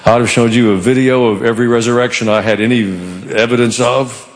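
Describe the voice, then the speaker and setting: A man's voice: mid-range voice, flat delivery, fast talker, long reverb tail. A man preaching a sermon in church, telling a story with animation and acting out the quoted lines. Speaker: pastor.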